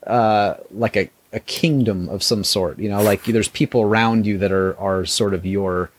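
A man's voice: lowish voice, fairly even intonation, normal speed. A man co-hosting a podcast in casual chat, rambling and swearing, laughing at himself. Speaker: podcast co-host.

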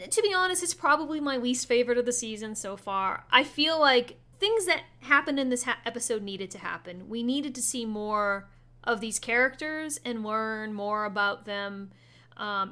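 A woman co-hosting a casual anime recap chat, chatty and quick to laugh. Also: a little high, pushed and bright. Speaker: podcast co-host.

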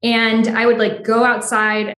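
A woman's voice: a little high, a little slow. A young adult woman from the United States, a podcast guest telling her personal story frankly, with a lot of "like" fillers. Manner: frank, animated, frequent "like" fillers. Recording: roomy echo.

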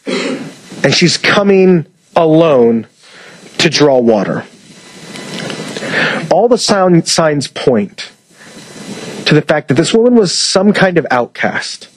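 A male pastor delivers a sermon in a relaxed, conversational way, often asking his listeners rhetorical questions. His voice sits high for a man. The sound is dry and close, with almost no room in it. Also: no room sound, low-quality recording.

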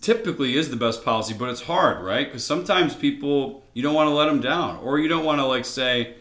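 A man's voice: mid-range voice, fairly quick, fairly bright tone. Beer podcast cohost guy, rambly earnest stories, echoey room sound. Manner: earnest, rambling storyteller with lots of "like". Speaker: podcast co-host. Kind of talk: casual beer-tasting chat.

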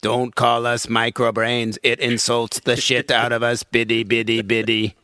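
A man's voice: medium pitch, monotone, unhurried, sharp tone, dry recording, pitched below the performer's own voice. A man putting on an indignant microscopic alien creature that chirps nonsense syllables.

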